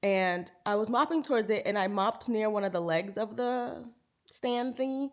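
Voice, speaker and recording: Here a woman in her thirties, a lifestyle vlogger, speaks in a mid-range voice at normal speed while telling a story to camera. Her manner is animated and chatty, and she addresses viewers as friends, using "girl" and "y'all."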